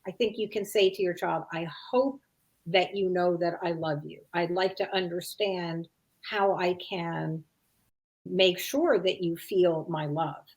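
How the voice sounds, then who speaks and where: A woman's voice: on the low side, measured pace. A middle-aged woman answering an interview question as an expert guest. She talks in a thoughtful, conversational way, acting out parents' lines as examples and often saying "you know" and "like.".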